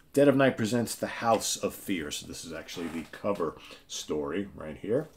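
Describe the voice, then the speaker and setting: A man's voice: sits low, lively intonation, moderate pace. A man hosting a casual comic book show, retelling the story in a chatty way and often asking "right?". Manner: chatty, keeps checking in with "right?"; retells the plot and reads captions aloud.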